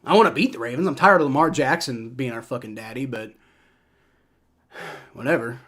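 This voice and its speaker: A man's voice: medium pitch, fairly quick, a bit bright. A young man streaming live football reactions and play-by-play, heated and profane, ranting with many restarts.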